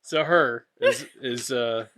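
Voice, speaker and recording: A man's voice: mid-range voice, slow, fairly bright tone, a little hiss or hum. A man hosting a casual podcast chat, rambling and losing track of names as he talks. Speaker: podcast host.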